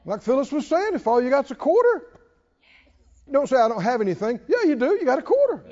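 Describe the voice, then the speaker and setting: High-voiced emphatic preaching man. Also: very animated, fairly quick, darkish tone, big-room sound, muffled recording. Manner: emphatic preaching, calls out to the congregation. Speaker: pastor. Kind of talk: sermon.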